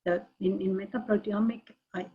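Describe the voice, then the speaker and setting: A woman researcher answering questions in an online meeting, halting and often repeating words. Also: medium pitch, steady tone. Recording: muffled video-call audio.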